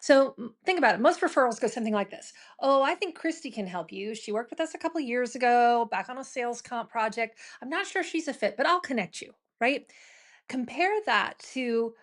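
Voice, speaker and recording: A middle-aged woman hosting a business podcast, talking to listeners in a brisk, conversational coaching tone full of "right?" asides. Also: a little high, expressive. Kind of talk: solo talk to listeners.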